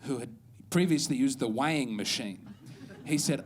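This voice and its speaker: A man's voice: medium pitch, moderate pace, a little hiss or hum. A man from Adelaide with an Australian accent, performing a stand-up comedy set on a club stage, wry and self-deprecating with bursts of mock outrage.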